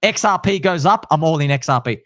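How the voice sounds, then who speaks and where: Excitable slangy male host. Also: fairly high pitch, a little fast, no echo, clean studio sound. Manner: excitable, slangy, acts out quotes. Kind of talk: casual chat.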